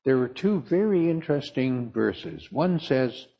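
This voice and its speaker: An older man from the south of England, preaching a sermon in a slow, emphatic storytelling manner. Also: mid-range voice, sing-song, slightly rough, muffled recording.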